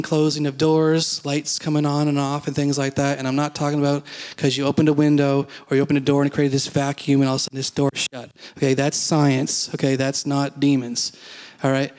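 A middle-aged pastor preaches in a relaxed, conversational way, full of asides and plain talk. His voice sits a little high for a man and stays fairly flat in pitch. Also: clean tone. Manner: conversational, folksy teaching with asides. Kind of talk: sermon.

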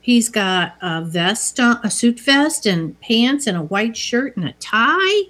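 A woman with a slightly high voice chats through a movie's plot in a relaxed, conversational way. She retells each scene at length and slips into the characters' lines as she goes. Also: slow pace. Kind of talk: casual movie recap chat.

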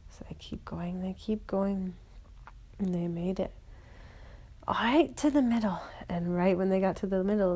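A woman telling a bedtime story in a gentle voice, sometimes dropping to a whisper. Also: mid-range voice, moderate pace, vocal fry, husky.

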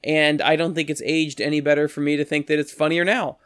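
A man's voice: flat delivery, fairly quick, fairly bright tone, smooth, no room sound, studio quality. A man telling a rambling story in casual chat, breaking into quoted voices now and then. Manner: rambling, acts out quoted voices with pitch jumps.

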